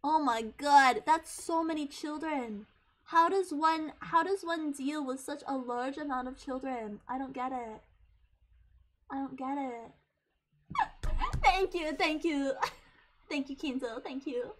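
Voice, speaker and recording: A young woman in her twenties chatting casually on a live stream, giggly and hyper, getting loud when excited. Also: sits high, takes it slowly. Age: 20s.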